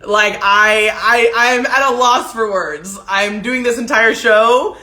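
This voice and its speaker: A woman's voice: fairly high pitch, slow pace, bright, forceful tone, roomy sound. Tearful, effusive woman livestream host. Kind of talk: solo livestream talk to viewers. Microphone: desk setup with ring light.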